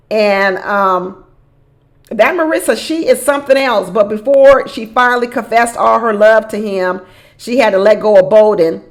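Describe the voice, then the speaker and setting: A woman giving a casual recap of a reality show. She is animated, often repeats phrases for emphasis, laughs often and talks straight to the people on the show. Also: medium pitch. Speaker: reality show commentator and relationship coach.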